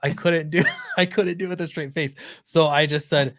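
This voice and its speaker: A man's voice: fairly high pitch, steady tone, normal speed, fairly bright tone, dry recording. A man co-hosting a podcast who tells an embarrassing story in a casual, self-mocking way, often breaking into laughter and restarting his sentences. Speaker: podcast co-host.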